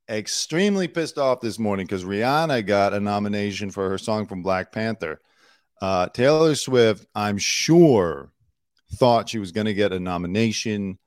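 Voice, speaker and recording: A man hosts an entertainment news rundown with a somewhat low voice. He delivers snarky, opinionated asides in a loose, casual way, full of fillers and restarts. His voice sounds close and dry. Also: normal speed, no room sound.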